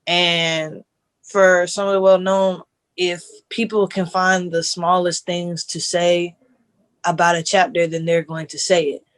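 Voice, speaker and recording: Earnest male panelist, a bit high-pitched, halting delivery. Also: flat delivery, fairly bright tone, clean tone. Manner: earnest, halting, many restarts. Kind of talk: panel discussion.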